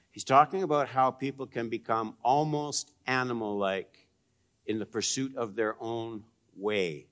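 A man preaching a sermon, swinging between raised emphasis and hushed, low asides, and putting direct questions to his listeners. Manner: direct, probing questions to the congregation. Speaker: pastor.

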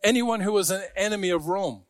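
A man's voice: high-pitched, a little fast, dry recording, clean studio sound. A man preaching a sermon to a congregation, talking in a conversational way with joking asides. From Scarborough. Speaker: pastor.

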